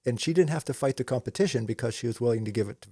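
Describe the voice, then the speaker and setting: Husky and dark at a middle pitch, the photographer races along in a studio-quality recording free of room sound. In this casual co-hosted talk about his business, his stories ramble with frequent restarts, tangents and "you know"s.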